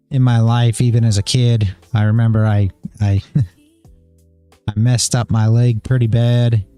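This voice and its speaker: A man's voice: lowish voice, mellow. A man hosting a live stream, chatting casually and rambling through a personal story with many restarts. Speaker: livestream host.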